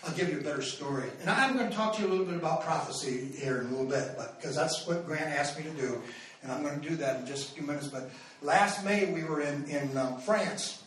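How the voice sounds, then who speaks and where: A man preaching, telling a story to his congregation in an animated, rambling way with many restarts and fillers. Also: on the high side, fast, a little hiss or hum. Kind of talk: storytelling sermon. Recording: echoey hall, mic far off.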